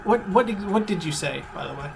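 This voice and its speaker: A man voicing a stand-in high mage who is unsure of the job and speaks in halting bits in a fantasy game. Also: lively intonation, gravelly, over music. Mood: guarded.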